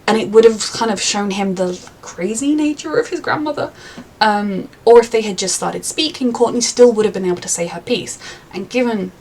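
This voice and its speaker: A woman's voice: mid-range voice, a little mellow, slightly rough. A young woman reviewing a TV episode in a chatty, rambling way, with many fillers. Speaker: TV reaction reviewer. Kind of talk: casual reaction review.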